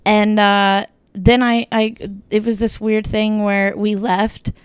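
Young woman, chatty storyteller, filler-heavy and animated in quotes; clean, dry read. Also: mid-range voice, slow pace, clear, resonant tone, no room sound. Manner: chatty, lots of "like" and "kinda", quoting others in lively bursts. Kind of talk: casual storytelling chat.

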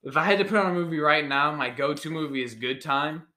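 A young man chatting loosely with friends, blurting out his thoughts and swearing as he goes. His voice is bright and forward. The room around him is echoey. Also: fairly high pitch, fast talker. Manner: excitable, swears a lot, blurts out ideas. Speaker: podcast co-host. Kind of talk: casual chat.

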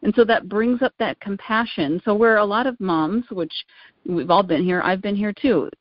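A woman's voice: mid-range voice, moderate pace, no echo. A woman in casual conversation, telling earnest stories about parenting and emphasizing points through repetition. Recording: dull lo-fi dry recording.

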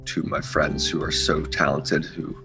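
A man's voice: rumbling low, little pitch movement, measured pace, music in the background. A man guesting on a podcast, chatting casually in a rambling, laid-back way and laughing often. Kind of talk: casual chat.

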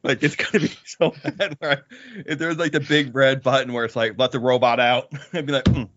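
A man's voice: a little high, fairly quick, highs cut off, noisy background. A man co-hosting a podcast, joking crudely and playfully provocative in casual chat. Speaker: podcast co-host.

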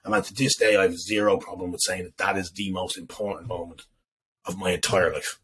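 A man's voice: deep voice, flat delivery, a little fast, fairly bright tone, breathy edge, rough recording. A young man telling an emotional personal story on a podcast, emphatic, swearing and repeating himself. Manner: emphatic, profane, repetitive. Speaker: guest.

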